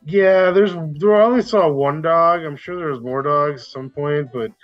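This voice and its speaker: A podcast host with a slightly high voice talks football at a moderate pace, casually and a little raised in tone. He rambles and corrects himself mid-sentence. Faint music plays behind him, and the recording sounds a little dull.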